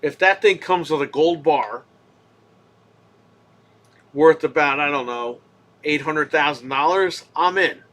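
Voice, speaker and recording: A man hosts a live gaming stream in a high, bright voice. He rants with heavy swearing and heat. He swings from low grumbling to loud outbursts. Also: slow, pauses often. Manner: profane, heated ranting. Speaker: gaming podcast host.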